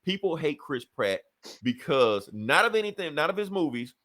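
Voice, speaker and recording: Animated laughing male podcaster. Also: on the high side, normal speed. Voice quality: animated, swearing, laughs often. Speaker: podcast co-host. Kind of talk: casual chat.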